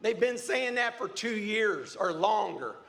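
A man's voice: high voice, lively intonation, measured pace, gravelly. A man preaching a sermon in a church, fervently calling out praise again and again. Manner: fervent, repeating praise calls. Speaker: pastor. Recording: noisy church with loud crowd. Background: congregation noise.

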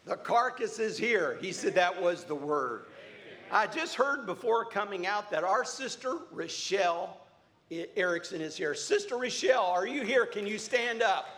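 A man's voice: high voice, expressive, normal speed. A man preaching a sermon in a church, fervently calling out praise again and again. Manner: fervent, repeating praise calls. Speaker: pastor. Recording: noisy church with loud crowd. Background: congregation noise.

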